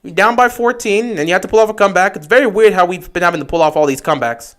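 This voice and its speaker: A young man hosting a livestream, giving excitable play-by-play reactions to football games that swing from shouting to muttering. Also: high voice, very fast. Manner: excitable, shouts at big plays then mutters. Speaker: livestream host. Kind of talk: live football watch-along commentary.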